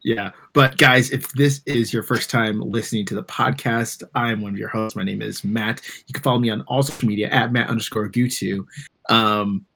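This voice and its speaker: A man's voice: lowish voice, fairly even intonation, normal speed, gravelly, pushed and bright. A man hosting a podcast in casual chat, joking around in playful banter. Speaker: podcast host.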